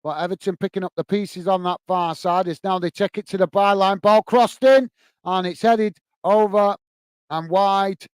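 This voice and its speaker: A man's voice: sits high, fairly even intonation, moderate pace, clear, resonant tone, no room sound. A man hosting a football watch-along stream, giving friendly play-by-play and chatting with viewers as he goes. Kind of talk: live match commentary while greeting chat viewers.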